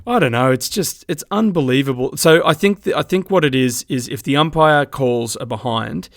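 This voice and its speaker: Gravelly Australian man, animated sports chat. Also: mid-range voice, normal speed, no room sound, clean studio sound. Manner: animated, acts out umpires' lines. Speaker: podcast co-host.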